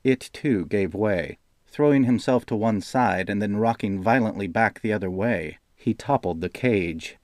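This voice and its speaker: A man narrating a fantasy audiobook in a measured, steady reading. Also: lowish voice, no room sound, studio quality.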